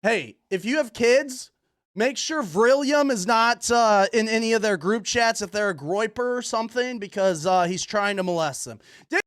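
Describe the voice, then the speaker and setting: Profane, excitable male livestreamer. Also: high-pitched, moderate pace, clear, resonant tone. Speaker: livestream host. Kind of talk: livestream commentary reacting to online posts.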